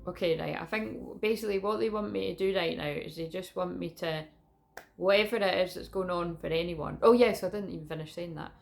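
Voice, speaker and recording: A Scottish woman talks straight to the camera in a loose, rambling vlog, jumping between half-finished thoughts. Her voice sits a little low, with a gravelly fry running through it. She swears casually and keeps circling back on herself. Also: a little fast. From Scotland. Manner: rambling, chatty, restarts often, swears casually. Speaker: psychic reader. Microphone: camera in front of her.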